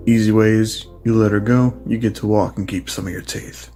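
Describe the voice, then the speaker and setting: A man's voice: on the low side, fairly even intonation, a little fast, dark tone, faint music behind, natural voice. A man voicing a young male vigilante hero who makes blunt, cold threats. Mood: menacing.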